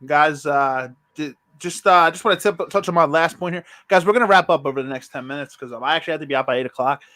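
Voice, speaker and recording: A man's voice: a little high, quick pace, bright, forceful tone. A man hosting a podcast, talking earnestly and laying out motivational points one after another. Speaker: podcast host. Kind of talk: casual podcast talk with wrap-up points.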